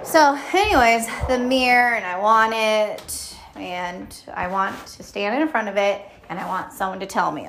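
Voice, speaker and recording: A woman's voice: mid-range voice, measured pace, gravelly. A middle-aged woman chatting in a rambling, casual monologue as a podcast host. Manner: chatty, rambling, animated quoted voices.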